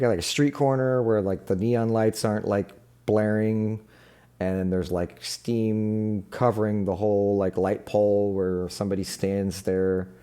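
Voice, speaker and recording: Game master, male: very low, warm and mellow, loose rambling narration. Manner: rambling, loose narration full of fillers and asides.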